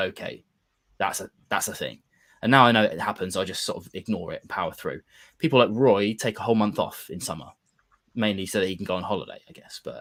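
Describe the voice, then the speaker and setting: A man hosting a casual roundtable chat, explaining things in a relaxed way and sharing tips. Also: on the low side, no room sound. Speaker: show host.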